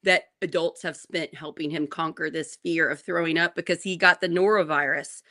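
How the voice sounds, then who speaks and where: A woman in her forties, co-hosting a morning show, telling a family story in a lively way and laughing often. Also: low voice, moderate pace. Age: 40s. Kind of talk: casual chat.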